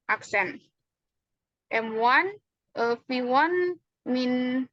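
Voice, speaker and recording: Young indonesian woman explaining physics, slow with lots of uhs, dry muffled recording. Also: on the high side, a bit bright, no room sound. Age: young adult. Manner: careful, hesitant, reading formulas with frequent fillers. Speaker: university student acting as physics teacher. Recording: dry, dull lo-fi sound.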